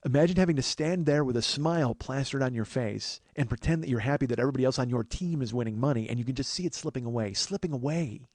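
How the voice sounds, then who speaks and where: A man in his forties telling a comic story on his podcast, animated and profane, bursting into shouts when he quotes himself. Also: medium pitch, quick pace, few pauses, dry recording. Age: 40s. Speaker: podcast host.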